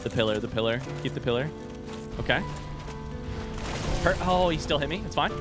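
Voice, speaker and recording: A man's voice: a little high, normal speed. A man streaming a game live, talking to himself and his chat and yelping at near misses. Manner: excitable, yelps and shouts at near misses; talks to himself and chat while playing. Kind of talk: live gameplay commentary. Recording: clear music behind.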